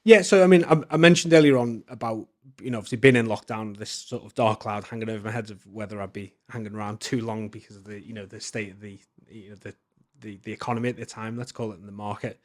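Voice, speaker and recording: A man talks as a podcast guest, telling stories in a loose, chatty way. His voice sits a little low, and he often restarts his sentences and fills pauses with "you know" and "um". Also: steady tone, a little mellow. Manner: chatty, many fillers and restarts. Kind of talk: casual storytelling.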